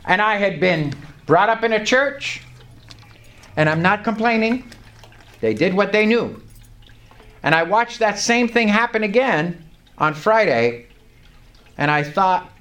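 An older speaker, giving a personal testimony to a small group in an animated storytelling way, acting out prayers and chuckling. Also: medium pitch, measured pace, long pauses. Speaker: lay preacher sharing testimony.

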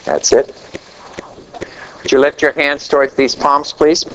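Slow, dramatic high-voiced male preacher. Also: fairly even intonation, a bit bright, a little hiss or hum, poor audio. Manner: slow, dramatic preaching, drops low at the ends of phrases. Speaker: pastor. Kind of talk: sermon.

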